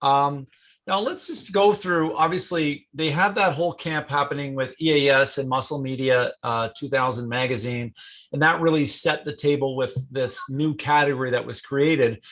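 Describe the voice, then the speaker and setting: A man's voice: mid-range voice, fairly even intonation, normal speed, a bit bright. A man hosting an interview in a loose, casual way, leaning on fillers as he introduces guests and topics. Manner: loose, hesitant, many fillers. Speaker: host.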